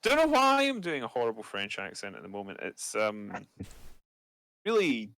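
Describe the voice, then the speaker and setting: A man playing in a tabletop game, his voice low yet bright and forceful. The sound is dry and close. He thinks aloud with hesitations and drops dry jokes. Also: huge pitch swings, normal speed, creaky, dry recording. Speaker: player.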